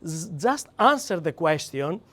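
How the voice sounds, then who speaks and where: A man with a Greek accent leading a live seminar, emphatic and animated, acting out quoted lines and calling on audience members by name. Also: on the high side, unhurried. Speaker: seminar trainer.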